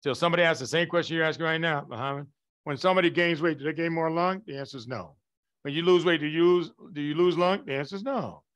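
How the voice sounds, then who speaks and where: A man with a somewhat high voice, lecturing a class in a lively, emphatic way. He often stops to check that everyone follows, calling on the students by name. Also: fast. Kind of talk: live online lecture.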